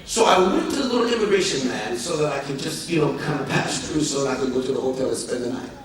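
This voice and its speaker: A man's voice: medium pitch, lively intonation, quick pace. An American man preaching a sermon, telling a comic story animatedly and acting out dialogue. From United States. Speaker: pastor. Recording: echoey hall from far off with crowd.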